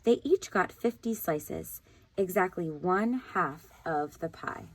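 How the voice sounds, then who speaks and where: A woman teacher reading a picture book aloud in a calm, deliberate narrating voice. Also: lowish voice, a little hiss or hum.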